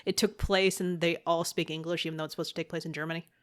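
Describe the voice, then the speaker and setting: A woman with a lowish voice co-hosts a film podcast. She banters casually and pokes fun at her co-host. Her interjections come across as playful. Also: level tone, fast.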